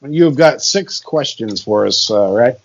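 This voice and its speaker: A man's voice: mid-range voice, expressive, a little slow, vocal fry, muffled recording. A man co-hosting a comedy podcast, rambling and laughing often, with crude jokes. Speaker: podcast co-host. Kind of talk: casual comedic podcast chat.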